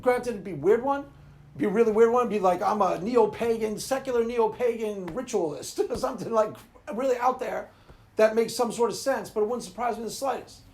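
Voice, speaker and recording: A man's voice: high voice, fast talker, darkish tone. A man hosting his own video, ranting casually and rambling, often laughing at his own jokes. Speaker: video host.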